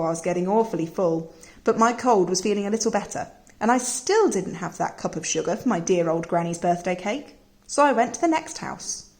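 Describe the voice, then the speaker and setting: A woman's voice: fairly high pitch, lightly acted. A woman reading as a sly, wronged wolf. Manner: chatty storybook narration, aggrieved and wheedling. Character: sly, self-pitying male wolf telling his side. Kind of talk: read-aloud storybook narration.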